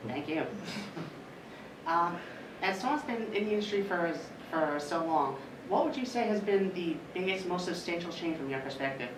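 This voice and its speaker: A woman with a slightly low voice asks a polite, halting question for a fan outlet. She is recorded at a distance in a reverberant convention space, with loud noise around her. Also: expressive. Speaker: convention press interviewer. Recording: echoey room, distant mic, loud background noise.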